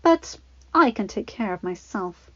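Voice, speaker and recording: A woman voicing a scheming, spiteful witch from a fan story reading, taunting and shrill in anger, on a dry, dull recording. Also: lively intonation, a little slow, no echo. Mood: sly.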